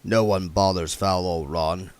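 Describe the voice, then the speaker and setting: A man voicing a gruff, streetwise talking dog who speaks low, quiet and mumbling. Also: steady tone, measured pace, no room sound. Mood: gruff muttering.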